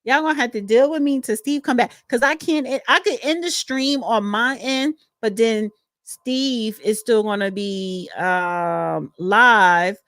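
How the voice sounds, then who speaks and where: A woman's voice: on the high side, a little slow, a bit bright, no echo, studio quality. A woman, co-hosting a casual livestream from home, chatty and frank, reading the chat and calling listeners honey. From East Orange, New Jersey. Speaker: podcast co-host reading live chat.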